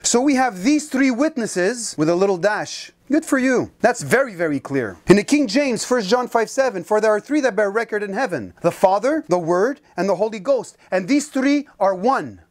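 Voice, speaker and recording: A woman's voice: medium pitch, expressive, normal speed, hardly any pauses, a little mellow. A woman Bible teacher preaching in a fiery, indignant and sarcastic way.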